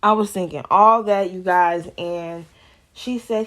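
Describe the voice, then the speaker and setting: A woman's voice: lowish voice, fairly even intonation, unhurried, fairly bright tone. A woman vlogger giving an emotional personal testimony in candid, casual slang.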